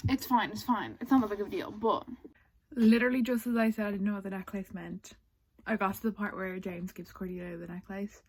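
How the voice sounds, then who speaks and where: A woman chatting casually in a book vlog, excitable and gushing, with exasperated asides. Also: medium pitch, brisk, breathy edge, poor audio. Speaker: book vlogger.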